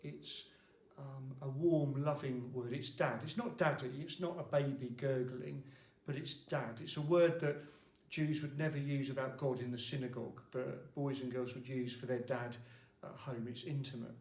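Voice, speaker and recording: Guy minister doing a quick midweek devotional, chatty and wry, lots of ums, echoey room. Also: medium pitch, steady tone, a little mellow. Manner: conversational and wry, with frequent fillers. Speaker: lead minister. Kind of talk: short midweek devotional talk.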